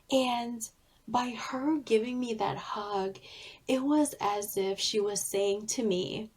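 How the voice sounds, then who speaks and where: A woman author and therapist being interviewed, sharing a heartfelt personal story in an earnest, deliberate way. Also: a little high, a little mellow, slightly rough.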